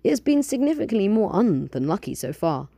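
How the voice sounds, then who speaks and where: A woman voicing a startled, wary young woman who exclaims in a high, dramatic way. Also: very animated, fairly quick, creaky, warm tone, breathy edge, no room sound, full character voice.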